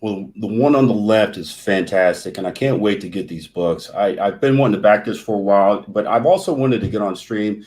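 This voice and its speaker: A man's voice: on the low side, a little fast, few pauses. Rambling man hosting. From Kentucky, USA. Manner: rambling, animated storyteller. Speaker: host. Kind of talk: casual livestream chat.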